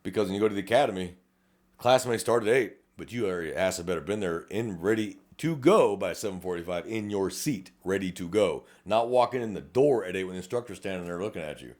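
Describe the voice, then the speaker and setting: Fast-talking blunt Texas lawman. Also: sits low, lively intonation, darkish tone. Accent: South Texas. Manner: blunt, profane, rapid-fire, acts out quoted exchanges. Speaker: podcast co-host, police officer. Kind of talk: casual chat.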